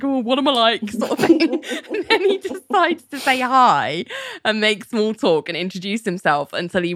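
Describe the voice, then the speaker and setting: Animated woman retelling a show. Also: medium pitch, no echo. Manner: animated storyteller, acting out quoted lines in put-on voices. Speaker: podcast host recapping a TV episode. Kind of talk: casual chat, retelling scenes.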